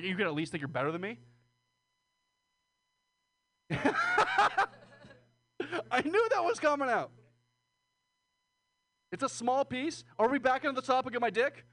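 A man's voice: high-pitched, fairly bright tone. A man doing a rambling, crude, self-deprecating stand-up set on a small stage, laughing nervously between jokes. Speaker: stand-up comedian.

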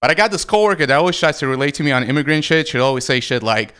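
A man's voice: a little high, lively intonation, very fast, sharp tone, clean tone. A man from Armenia doing a stand-up set, delivering his punchlines in a punchy, emphatic way. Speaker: stand-up comedian.

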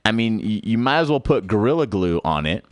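A man with a low voice runs a comedy bit on his radio show like a pushy product pitch. His delivery jumps up high for emphasis, then drops back down. The studio sound is close and dry. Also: sing-song, a little fast, smooth, dry recording. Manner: salesman-like pitch with big swooping emphasis. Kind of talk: mock infomercial comedy rant.

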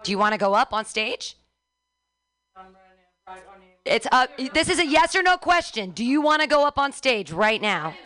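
A woman emceeing an open mic, moving the crowd along in a brisk, bossy way. Her voice is bright and forceful and sits somewhat high. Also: sing-song.

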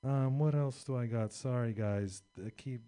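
A man's voice: medium pitch, moderate pace, mellow, smooth. A young adult man doing a stand-up set, rambling and crude with lots of filler words. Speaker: stand-up comedian.

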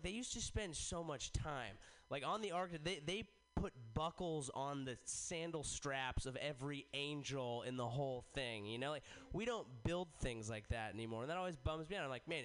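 A man's voice: a little high, a bit bright. A man doing a stand-up set at a comedy workshop, talking in a rambling, conversational way full of "like.". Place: comedy workshop at a community radio station.

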